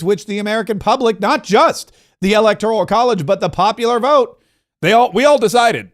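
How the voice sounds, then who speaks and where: A man's voice: high-pitched, animated, a little fast. A man hosting a political podcast, giving opinionated commentary with sarcastic, mocking quips and loose, restarting sentences.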